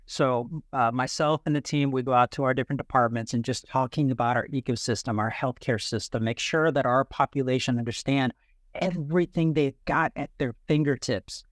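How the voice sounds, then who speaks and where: A man's voice: mid-range voice, fairly quick, no echo. A man sharing a heartfelt story as a health services director on a podcast interview.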